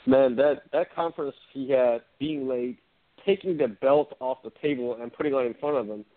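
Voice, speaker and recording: A man co-hosting a casual combat sports podcast, animated and laughing often. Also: mid-range voice, moderate pace. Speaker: co-host. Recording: phone-like narrow sound.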